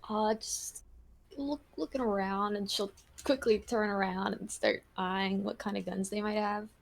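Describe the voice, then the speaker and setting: A woman's voice: mid-range voice, steady tone, a little slow, creaky. A young woman playing in a tabletop game, hesitant with many fillers. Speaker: player. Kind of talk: tabletop role-play.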